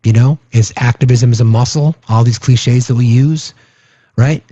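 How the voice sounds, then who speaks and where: A man's voice: medium pitch, normal speed, warm tone, slightly rough, no echo, dull audio. A man hosting a casual political livestream, talking earnestly with frequent restarts and tag questions to his viewers. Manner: earnest, many restarts and "right?" asides. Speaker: livestream host.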